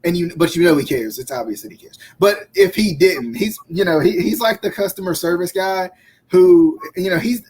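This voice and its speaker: A man's voice: high voice, moderate pace, darkish tone, slightly rough. A man co-hosting a wrestling podcast in casual chat, often stammering and repeating words as he talks. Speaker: podcast co-host.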